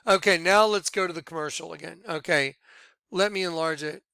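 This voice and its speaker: A man leading a ministry, talking viewers through images on his screen in an excitable, repetitive way. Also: on the high side, a little fast, creaky, smooth, no echo. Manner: excitable, repeats himself, points things out to viewers. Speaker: ministry leader presenting on screen. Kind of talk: screen-share commentary.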